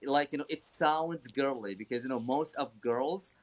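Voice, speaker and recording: A man from Saudi Arabia hosting a casual live stream chat, talking rapidly with many fillers and frequent laughs. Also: mid-range voice.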